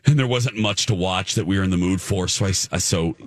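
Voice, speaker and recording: A man's voice: low-pitched, brisk, no echo, studio quality. A man hosting a talk show, chatting casually and acting out quotes as he tells a story. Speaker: radio show host. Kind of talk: casual chat.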